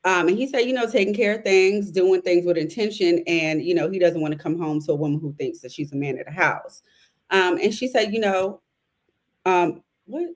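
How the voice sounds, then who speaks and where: A woman's voice: lowish voice, moderate pace. Laid-back woman recapping scenes. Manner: relaxed storytelling with fillers, retells scenes. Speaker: podcast co-host. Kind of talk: casual recap chat.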